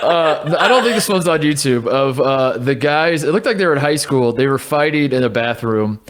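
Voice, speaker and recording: A man's voice: fairly high pitch, animated, normal speed. A young man co-hosting a podcast, telling stories in casual chat, stammering and chuckling. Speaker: podcast co-host.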